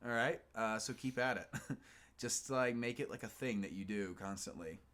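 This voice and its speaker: A man's voice: on the low side, moderate pace, a bit bright. A man co-hosting a casual live-stream chat, talking loosely and thinking aloud with plenty of fillers.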